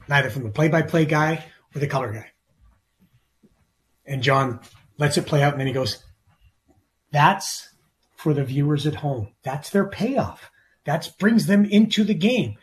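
A middle-aged man co-hosting a sports talk show, ranting emphatically and often repeating himself. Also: mid-range voice. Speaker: sports radio co-host.

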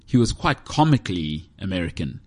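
With a deep voice that swings widely in pitch, a man speaks a little slowly on his own podcast. It's a casual solo monologue, rambling and self-deprecating with plenty of jokes, recorded in a heated indoor room.

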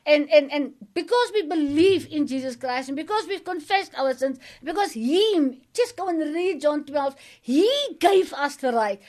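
Guest, woman, middle-aged, South African accent, very high pitch, earnest testimony. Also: lively intonation, normal speed, hardly any pauses, a little mellow. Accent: South African, Afrikaans-tinged. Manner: earnest, repetitive, emphatic. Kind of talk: faith testimony chat.

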